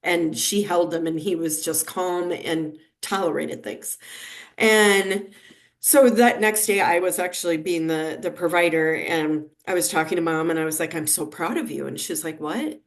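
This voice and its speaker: A woman's voice: lowish voice, measured pace. A woman in her fifties, a neonatal nurse practitioner, telling a story in a conversational interview and acting out the dialogue of the people in it. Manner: lively anecdotal telling, acting out quoted dialogue.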